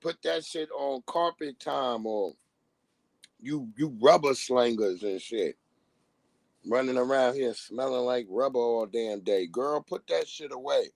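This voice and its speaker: A man's voice: medium pitch, measured pace, vocal fry, darkish tone, no echo, poor audio. A man on a live stream, ranting bluntly in casual talk and acting out the voices of people he quotes. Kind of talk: casual profane rant.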